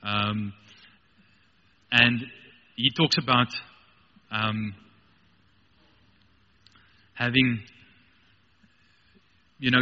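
A man's voice: medium pitch, sharp tone, big-room sound, lo-fi sound. A man preaching a sermon with passion, building to emphatic peaks.

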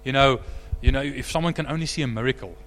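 A man preaching a sermon as pastor, animated, rising to loud emphatic peaks. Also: medium pitch, fast, in a large hall.

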